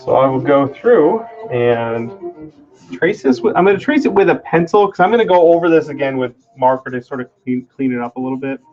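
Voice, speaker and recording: A man's voice: mid-range voice, animated, brisk, highs cut off, soft background music. A man hosting a live stream from his home workshop, casually talking through his work, thinking aloud and joking about himself. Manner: chatty, self-deprecating, thinking aloud while working.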